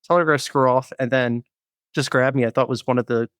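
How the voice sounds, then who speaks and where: A man's voice: medium pitch, steady tone, brisk, a bit bright, clean tone, dry recording, studio quality. A man telling a story in casual podcast chat, rambling and laughing between phrases. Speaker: podcast guest.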